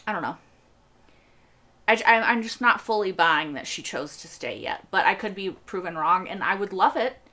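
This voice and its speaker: A woman's voice: medium pitch, animated, moderate pace, pushed and bright. A young woman hosting a TV reaction video, rambling earnestly in casual chat and laughing often.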